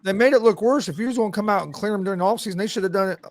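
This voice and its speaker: A man with a high voice talks emphatically and repeats himself to drive a point home. Faint noise sits behind his voice. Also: racing. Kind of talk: casual sports chat.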